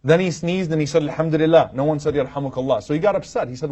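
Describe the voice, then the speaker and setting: Speaking very fast in a slightly mellow voice on the high side, a man teaches an Islamic lecture from a podium to a live audience. He tells stories and acts out quoted lines with humor, captured in a dull, muffled lo-fi recording.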